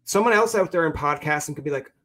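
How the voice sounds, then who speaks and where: A man's voice: on the high side, fast. Chatty man hosting a podcast. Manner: animated storyteller, acts out quotes. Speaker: podcast host. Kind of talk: casual interview chat.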